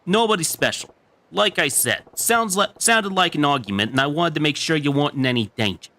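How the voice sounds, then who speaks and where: A man's voice: on the high side, expressive, fairly quick, bright, forceful tone, voice pushed up. A man doing a swaggering one-eyed thug with a Boston-style accent. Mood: brash. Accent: Boston-style put-on.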